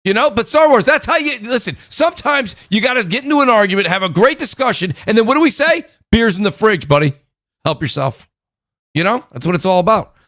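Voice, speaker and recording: A man with a New York accent, hosting a casual gaming podcast panel and talking in an animated, chatty way. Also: extremely high pitch, quick pace, hardly any pauses, no room sound, studio quality. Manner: animated, talkative, slips into quoted voices. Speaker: podcast host.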